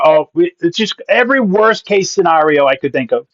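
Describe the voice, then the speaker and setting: Animated, slightly high-voiced man spinning a comic story. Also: no room sound. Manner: animated, punchy comic delivery with quick asides. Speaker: guest, pastor and comedian. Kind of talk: comic storytelling in a podcast interview. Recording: dull, dry lo-fi sound.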